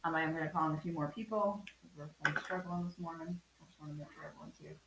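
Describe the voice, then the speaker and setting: A woman's voice: sits low, fairly even intonation, fast, echoey room, heavy background noise. A woman in her thirties teaching a math lesson to a remote class, chatty, with lots of ums as she walks through each step. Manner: chatty, many ums, talks through steps.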